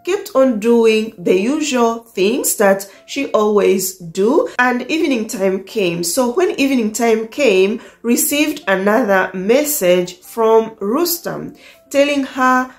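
A woman with an East African accent, a dating coach telling a love story to her viewers in a casual, animated way, laughing often. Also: a little high, takes it slowly. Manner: animated, laughs often, acts out quoted lines. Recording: echoey room.

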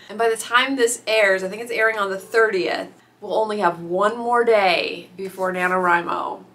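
Young woman vlogging at home, teary and gushing, slow and halting, bit of hiss behind. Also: medium pitch, bright, forceful tone. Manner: tearful, gushing, halting restarts. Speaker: author vlogger. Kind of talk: casual vlog chat.

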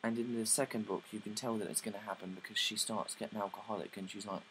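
A man's voice: fairly low pitch, fairly even intonation, fast, fairly bright tone, a little hiss or hum, rough recording. A young man casually summarizing plays, rambling with lots of likes and ums and casual swearing.

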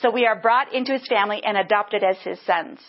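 A woman's voice: medium pitch, quick pace. A woman teaching a Bible lesson earnestly, breaking into bursts of praise. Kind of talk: teaching sermon. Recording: dull lo-fi sound.

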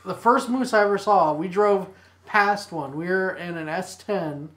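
Relaxed woman with a lower voice telling a story. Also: a little slow. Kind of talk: casual chat.

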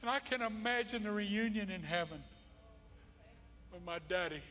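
Male preacher, a touch high, impassioned and repetitive sermon delivery, sanctuary echo. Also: normal speed, bright, forceful tone. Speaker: pastor. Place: church sanctuary. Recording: long church-hall reverb.

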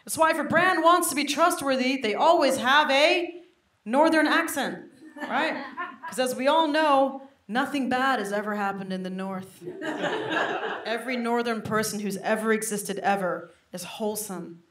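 A young woman doing stand-up with an American accent picked up over a mixed British upbringing, brash and self-mocking with quick asides to the crowd. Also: a little high, fairly bright tone. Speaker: stand-up comedian. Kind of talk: stand-up comedy set. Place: comedy stage before a live audience. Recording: roomy live venue, faint noise.

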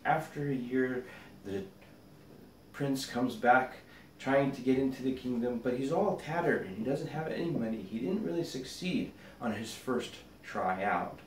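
Rabbi telling a parable in an echoey room. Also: male voice, mid-range voice, unhurried. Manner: gentle storytelling with a parable. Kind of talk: spoken meditation teaching. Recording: roomy echo, distant mic, faint noise.

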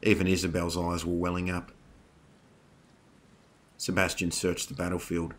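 Deep-voiced man narrating a horror story. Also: moderate pace, pauses often. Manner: steady, dramatic storytelling.

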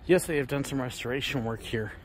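Talking fast in a mid-range voice over slight background noise, a travel vlogger tours an outdoor Roman amphitheater casually. He's a touch winded and talks to a handheld camera with no mic, animated and sometimes projecting like a showman.

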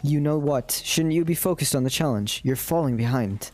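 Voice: medium pitch, moderate pace, a little mellow, soft background music. A streamer casually reading a dating sim aloud on a live stream, swearing and laughing at their own slips.

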